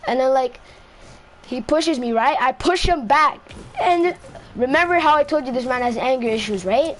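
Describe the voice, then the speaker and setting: A woman's voice: sits high, normal speed. A woman telling a casual storytime, rambling, repeating herself and asking "right?" after most lines, into a close mic. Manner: rambling, repeats itself, says "right?" often. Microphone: own mic close to the face.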